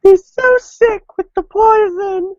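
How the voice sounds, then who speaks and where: A man putting on a slow, high falsetto voice for a young woman character. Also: darkish tone, dull audio. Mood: lamenting.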